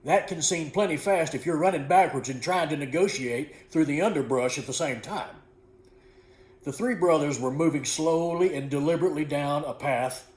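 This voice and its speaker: A man reads his own storybook in a folksy, unhurried voice that sits a bit high for a man. He stumbles now and then and corrects himself. The recording carries a noticeable room echo. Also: darkish tone. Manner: folksy, unhurried, with small slips corrected as he goes. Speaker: author reading his own book. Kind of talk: storybook narration. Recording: echoey room.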